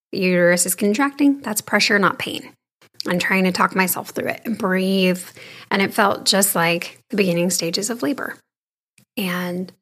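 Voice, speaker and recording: A woman in her thirties candidly recounting a personal experience in a conversational, frank way, sometimes dropping to a hushed voice. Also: mid-range voice. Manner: frank, conversational, shifting between hushed and animated. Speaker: storyteller sharing a personal experience.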